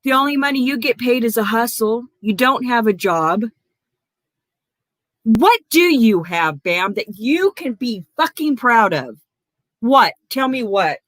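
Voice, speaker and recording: On her own livestream, a woman angrily calls out viewers by name, swearing heavily and getting confrontational. Her voice is a little high, expressive, unhurried and a bit bright, captured in a dry recording.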